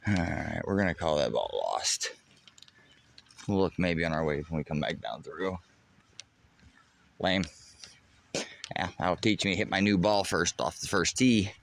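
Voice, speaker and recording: Streamer, male, Western PA accent, low voice, easygoing chat outdoors, faint hiss behind. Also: expressive, measured pace, gravelly, pauses often. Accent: Western Pennsylvania. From Western Pennsylvania. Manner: chatty, reads chat aloud, swears casually. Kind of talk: casual live-stream golf vlog. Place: outdoors on a golf course.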